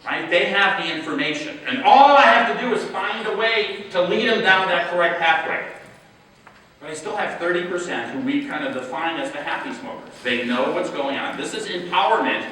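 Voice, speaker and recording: Bright-voiced man speaking in an echoey hall. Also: high voice, animated, far from the mic. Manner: rhetorical, keeps asking "right?" to the audience; emphatic, slows to stress key words. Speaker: public health official giving a keynote. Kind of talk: conference keynote speech. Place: large conference hall.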